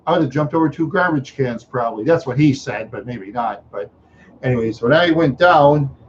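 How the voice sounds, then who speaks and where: Expressive and medium-pitched at a moderate pace, this middle-aged streamer from Minneapolis spins rambling stories full of chuckles and sound effects. A little hiss or hum runs under the dull, lo-fi recording.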